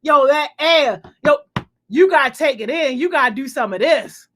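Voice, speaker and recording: A young adult woman hosting a youth livestream, greeting viewers with playful shouts and slang. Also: high-pitched, expressive, normal speed, a little hiss or hum.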